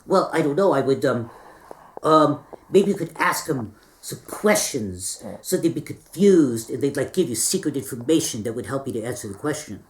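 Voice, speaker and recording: A man's voice: mid-range voice, expressive, moderate pace, echoey room, slight background noise, voice pushed down, lightly acted. A man playing a timid young seminar attendee. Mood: unsure. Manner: hesitant, soft, unsure.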